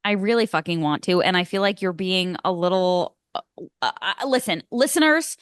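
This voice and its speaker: A woman's voice: fairly low pitch, expressive, moderate pace, smooth, no echo, clean studio sound. Casual, swearing woman podcaster. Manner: casual, swears freely, lots of "like" fillers. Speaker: podcast co-host. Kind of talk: casual movie chat.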